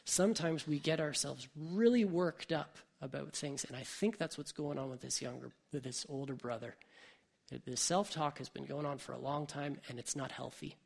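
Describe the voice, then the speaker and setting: A man preaching a sermon in a relaxed, conversational way, full of asides and rhetorical questions. His voice is husky with a gravelly edge, and it sits somewhat high for a man. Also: normal speed. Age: adult parent. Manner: conversational, thinking aloud with frequent "like" and "right?". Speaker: pastor.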